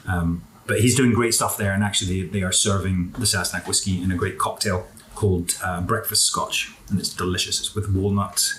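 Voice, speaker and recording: A man in a relaxed interview, chatting enthusiastically about food and drink while eating. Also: sits low, brisk, hardly any pauses, slight background noise, low-quality recording. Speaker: interview guest. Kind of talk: casual interview chat.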